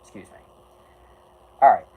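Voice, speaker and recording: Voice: a little slow, phone-quality sound. A streamer reading an article aloud to chat with sarcastic, self-deprecating asides, often breaking off and restarting with "anyway".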